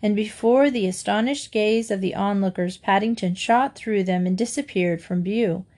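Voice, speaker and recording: A woman reading a children's storybook aloud in a gentle, steady storytelling manner. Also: medium pitch, normal speed. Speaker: storybook reader.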